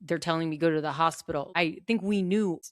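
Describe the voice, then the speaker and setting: Reflective lower-voiced woman. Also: a little fast, no room sound, studio quality. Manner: reflective, disputing memories. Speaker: podcast co-host. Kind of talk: casual chat among sisters.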